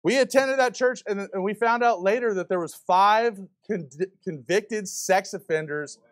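High-voiced fiery male preacher. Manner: fiery, fast, rhetorical questions to the congregation. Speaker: visiting preacher. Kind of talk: sermon. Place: church before a congregation.

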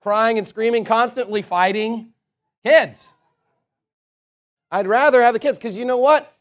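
A man preaching a sermon as a pastor, emphatic, swinging between loud declarations and quiet asides. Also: very high voice, measured pace.

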